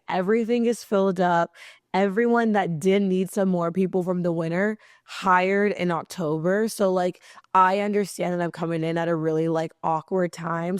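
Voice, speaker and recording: A woman hosting her own podcast in a casual, rambling chat, with her voice hoarse and fading. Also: fairly low pitch, darkish tone, no room sound, studio quality. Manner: chatty, rambling, swears casually. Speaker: podcast host.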